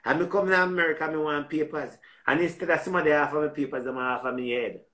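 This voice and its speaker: A man with a Jamaican accent telling a story in a casual, animated way, repeating words and swearing freely. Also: fairly high pitch, fast talker, roomy sound.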